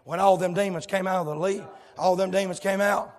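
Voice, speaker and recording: Man, fiery revival preaching, gravelly rasp, echoing church hall. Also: high-pitched, steady tone, fairly quick. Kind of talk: sermon.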